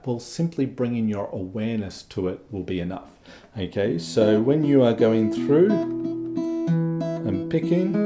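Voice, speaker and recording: A man teaching a guitar lesson, explaining patiently and often checking in with "okay?" between guitar demonstrations. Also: fairly low pitch. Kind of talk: instructional lesson.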